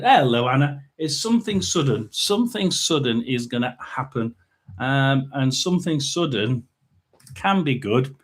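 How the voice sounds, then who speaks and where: A man's voice: on the high side, poor audio. Chatty man hosting a livestream. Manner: rambling, chatty, reads out viewer names. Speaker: psychic livestream host. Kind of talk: casual livestream chat.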